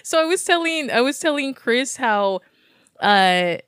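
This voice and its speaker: A woman's voice: high-pitched, animated, unhurried, a bit bright, clean tone, no echo. Woman, casual podcast chat, rambling, filler-heavy, dry close mic. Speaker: podcast co-host.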